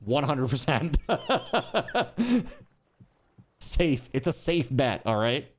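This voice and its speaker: A man's voice: medium pitch, very animated, drawn-out words, slight background noise. A man streaming a game, chatting casually in a rambling, joking way, swearing now and then and packing his talk with fillers.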